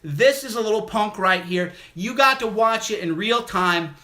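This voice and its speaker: Brash, bright-voiced livestream host. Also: male voice, high-pitched, lively intonation, normal speed. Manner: aggressive, mocking and insulting; repetitive, emphatic delivery. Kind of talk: call-in livestream rant.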